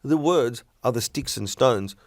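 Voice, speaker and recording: A middle-aged Australian stand-up comedian chats casually on a podcast, blunt and opinionated, telling stories with animation. His voice is mid-range and unhurried, with no room sound in the recording.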